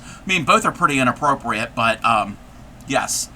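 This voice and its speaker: A man's voice: medium pitch, lively intonation, a little slow, bright, forceful tone. A man hosting a casual crochet livestream, rambling and chatty, laughing often as he talks. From United States. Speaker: livestream host.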